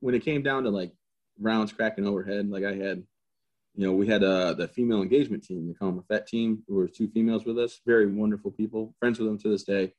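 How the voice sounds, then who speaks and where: Speaking at a quick pace in a fairly low voice, this man is an army veteran sharing casual stories as an interview guest. He jokes around and stays animated, performing quotes and imitating gunfire.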